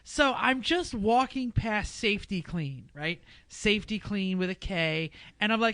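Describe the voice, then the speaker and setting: A man co-hosting a casual podcast, telling animated stories and acting out other people's lines. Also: sits high, unhurried, few pauses, clear, resonant tone, dry recording. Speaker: podcast co-host.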